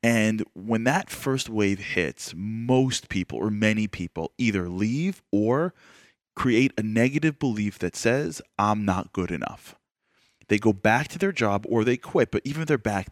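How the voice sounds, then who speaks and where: A man interviewing a guest, his voice on the low side. He asks long, winding questions with animated energy. The sound is close and dry, with no room echo. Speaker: interviewer and radio show host. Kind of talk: conversational interview.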